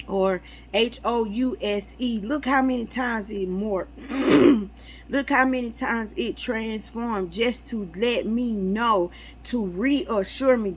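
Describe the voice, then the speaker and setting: Animated storytelling woman, faint hiss. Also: medium pitch, rough recording. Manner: animated storytelling, acts out dialogue, laughs often. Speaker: spiritual vlogger. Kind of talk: casual spiritual talk to viewers.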